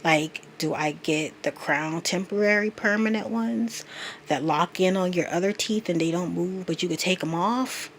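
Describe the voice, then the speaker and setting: A woman's voice: fairly low pitch, moderate pace, slight background noise. A woman in her thirties talking straight to camera in a confessional vlog, earnest and emotional as she confides in her viewers. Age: 30s. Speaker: vlogger.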